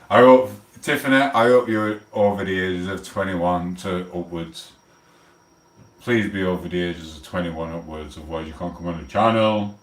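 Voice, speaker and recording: Tipsy streamer, low voice, chatty banter, distant in an echoey room. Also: male voice. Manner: chatty, rambling, loud banter. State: a bit drunk. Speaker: livestream host. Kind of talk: casual rambling livestream chat. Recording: roomy echo, distant from mic.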